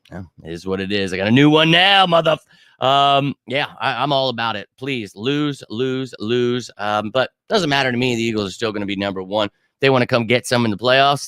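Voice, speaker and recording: A man's voice: lowish voice, fairly bright tone, dry recording, clean studio sound. A man hosting his own football show, ranting heatedly and profanely in a casual livestream while answering viewers' chat. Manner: answers live chat comments. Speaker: sports show host.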